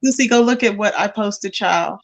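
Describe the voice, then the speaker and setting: A woman's voice: mid-range voice, moderate pace, highs cut off. A woman hosting a livestream, chatting casually and animatedly about celebrity gossip, calling people "child". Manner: animated, calls listeners "child". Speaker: livestream host.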